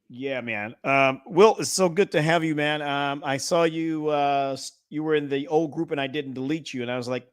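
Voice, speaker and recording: An upbeat man hosts a live trading session, talking in a loose, playful, energetic way. He jokes with the people watching as he works through the charts. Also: a little high, normal speed, few pauses, clear, resonant tone. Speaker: trading stream host. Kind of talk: casual live-stream chat.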